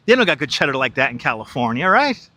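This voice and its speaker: New guy live-streaming a park walk, chatty, super bright voice, dry close clip mic. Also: a little high, dry recording. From New York. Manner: chatty, reads out viewer chat, laughs easily. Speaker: live-streaming tour guide. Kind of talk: casual live-stream walking tour. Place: outdoors in a large city park. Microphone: wireless clip-on mic.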